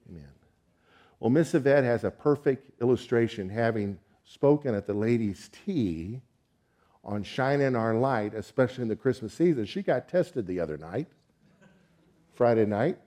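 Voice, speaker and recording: A man's voice: medium pitch, lively intonation, moderate pace, dark tone. A male pastor leading a congregation and calling out to the people in the room, heard from a distance. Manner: calls out to the congregation. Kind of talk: sermon.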